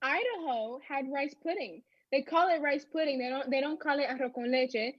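A woman's voice: high voice, normal speed, no room sound. A British woman hosting a casual chat, chatty and teasing, laughing often. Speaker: podcast host. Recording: dull lo-fi dry mic.

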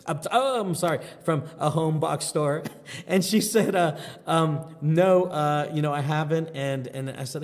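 A man giving a devotional sermon, telling a lively personal story in a folksy, earnest way. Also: a little high, normal speed. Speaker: pastor. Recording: long hall reverb.

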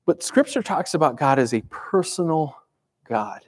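A man's voice: on the high side, animated, normal speed, a little mellow, slightly rough. A man preaching a sermon as pastor, speaking conversationally and emphatically with rhetorical questions.

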